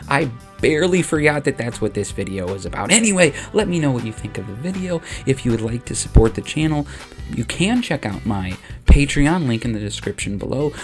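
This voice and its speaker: A man hosting his channel and narrating a comedic story in a casual, wry, deadpan way. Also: mid-range voice.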